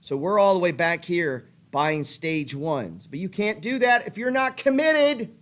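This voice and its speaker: Fairly bright and pitched high, this man's expressive voice moves a little slowly. He's a middle-aged trading-show host working himself up into a pushy, fired-up rant, cursing freely, a profane pep talk.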